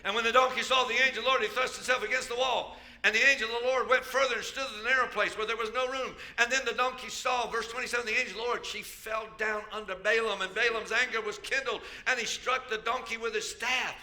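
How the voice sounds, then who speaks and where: A man pastor preaching a sermon, storytelling with jokes and sudden loud bursts. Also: extremely high pitch, fairly even intonation, a little fast. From United States.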